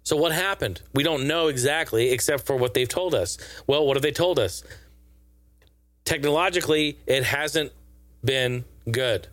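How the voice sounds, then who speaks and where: A man's voice: mid-range voice, moderate pace, fairly bright tone, no echo. A man giving casual, profane and sarcastic gaming news commentary in a rambling way.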